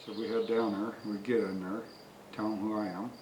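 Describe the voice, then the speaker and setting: Recorded outdoors with faint crickets and insects behind him, a man tells a folksy, long-winded story before reviewing a product he bought. His voice is on the low side with little pitch movement and a brisk pace, and the echoey audio sounds distant from the mic amid background noise.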